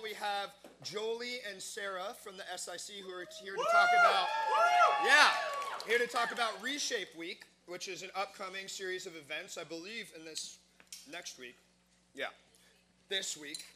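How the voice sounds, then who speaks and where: Lively young man hosting a campus show. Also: high voice, slight background noise. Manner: lively, chatty, laughing often. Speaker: host. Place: campus stage with live audience.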